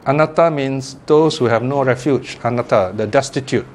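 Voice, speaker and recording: This man speaks at a moderate pace in a mid-range voice, with a little hiss or hum in the audio. He's a Buddhist teacher delivering a chatty Dharma talk, full of laughter, asides, and plenty of "you know".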